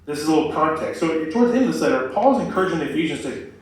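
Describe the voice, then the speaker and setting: A man's voice: fairly high pitch, expressive, very fast. A young man giving a casual campus sermon, talking in a loose way with lots of "like" and "um". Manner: conversational, many fillers like "like" and "um". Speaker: campus ministry speaker. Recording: echoey room from a distance.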